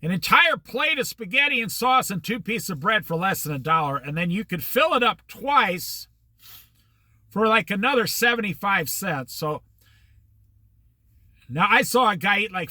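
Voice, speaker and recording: A man's voice: sits high, sing-song, measured pace, long pauses, sharp tone, dry recording. An older man telling a long, rambling personal anecdote in a casual storytelling monologue, acting out the back-and-forth of old conversations. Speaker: host.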